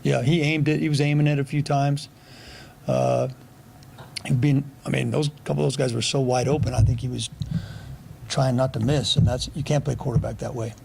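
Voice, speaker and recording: A middle-aged man coaching football speaks to the press with a gravelly edge. He is blunt and dry and answers with a sarcastic streak. Faint background noise hangs under his voice. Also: mid-range voice, little pitch movement, moderate pace, darkish tone. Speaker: football offensive coordinator.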